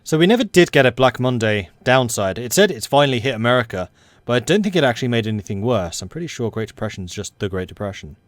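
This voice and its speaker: An excitable young Englishman rambling through commentary on a strategy game he is playing. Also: mid-range voice, fast talker, hardly any pauses, no room sound. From England. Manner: excitable and rambling, self-described hyper. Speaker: let's play host. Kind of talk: gaming commentary.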